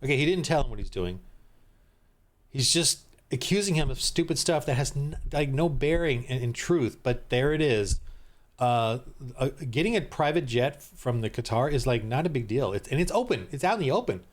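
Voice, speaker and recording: A man's voice: mid-range voice, lively intonation, normal speed. A middle-aged man giving heated, rambling reaction commentary as a Christian commentator, often restarting his sentences.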